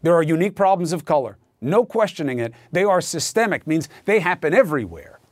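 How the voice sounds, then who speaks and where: A man's voice: fairly high pitch, very animated, fairly quick, no echo. A male news anchor delivering an emphatic, sarcastic opinion monologue in a studio.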